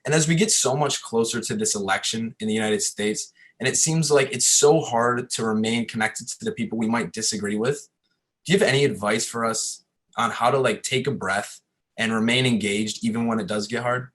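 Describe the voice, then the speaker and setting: A man's voice: medium pitch, brisk, a bit bright. A man interviewing a guest over a video call, asking a long question full of fillers. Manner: rambling, many fillers.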